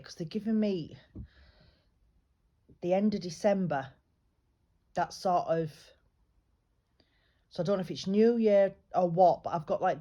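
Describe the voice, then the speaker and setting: A woman working as a psychic medium, giving a private reading in a chatty, reassuring way, often pausing and restarting her sentences. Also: mid-range voice, mellow. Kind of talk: private spiritual reading, casual chat.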